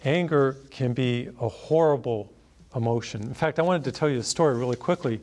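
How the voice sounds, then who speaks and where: A man's voice: mid-range voice, a little fast, a little mellow. A man, a priest, preaching a sermon through a personal anecdote, storytelling animatedly and laughing at himself.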